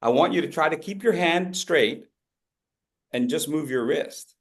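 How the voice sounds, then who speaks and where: In a slightly high male voice, a coach speaks at a measured pace while running an interactive speaking workshop. He's upbeat and lively, joking with participants and calling out names and instructions.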